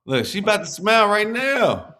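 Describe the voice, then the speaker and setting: Animated, profane man ranting in reaction. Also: sits high, moderate pace. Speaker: host reacting to a clip. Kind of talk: casual reaction commentary.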